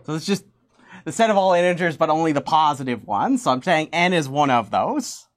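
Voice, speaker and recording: A woman teaching a math lesson in a loose, chatty way, with a somewhat low voice that swings up and down a lot as she talks. She laughs easily and gets carried away with excitement, and the talk stays informal throughout. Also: a little fast. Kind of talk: casual math lesson with props.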